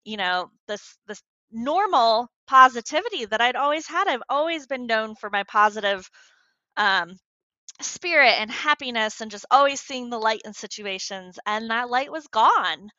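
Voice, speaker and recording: Earnest, bright-voiced woman telling her story. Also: on the high side, expressive, moderate pace, dry recording. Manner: earnest, emotional, many fillers and restarts. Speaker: guest, former teacher. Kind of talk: candid interview storytelling. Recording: dull lo-fi sound.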